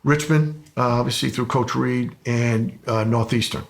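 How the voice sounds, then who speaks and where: A man who coached high school football, telling stories in an emphatic documentary interview. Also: steady tone, a little slow, vocal fry.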